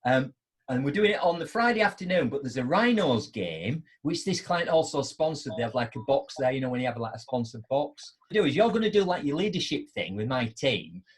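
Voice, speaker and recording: A man's voice: medium pitch, big pitch swings, a little fast, breathy edge. A middle-aged man telling chatty anecdotes as a motivational speaker on a video call. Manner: chatty, anecdotal, keeps asking "right?". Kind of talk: storytelling on a live online show.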